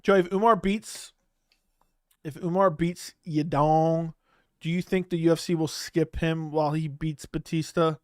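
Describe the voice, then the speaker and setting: A man's voice: on the high side, fairly even intonation, unhurried, dry recording, clean studio sound. A man hosting a live stream, chatting casually and bluntly in loose slang while he reads out viewer comments. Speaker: livestream host. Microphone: studio microphone close up.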